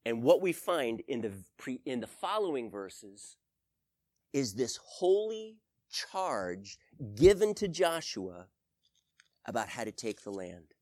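A man delivers a sermon with a lively, swooping pitch. He tells a personal story and acts out his own pleading prayers in a raised voice. The sound is dry and close. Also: slow, no echo. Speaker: pastor.

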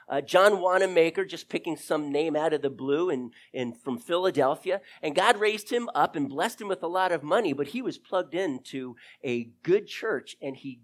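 A pastor preaching a sermon to his church, acting out prayers and conversations in an animated way and dropping to a hushed voice at times. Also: on the high side.

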